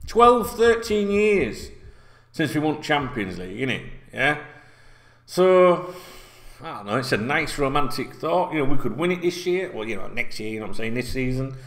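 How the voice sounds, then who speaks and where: Sweary ranting Yorkshireman, animated pitch. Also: moderate pace. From North Yorkshire, England. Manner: sweary, repetitive, heated ranting. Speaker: football fan channel host. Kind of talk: ranting football fan vlog. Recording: echoey room.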